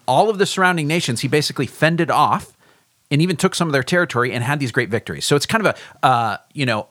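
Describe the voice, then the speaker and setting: A man's voice: mid-range voice, a bit bright, dry recording, studio quality. A man, a pastor, leading a podcast bible discussion and explaining the background in an explanatory way with hesitant restarts.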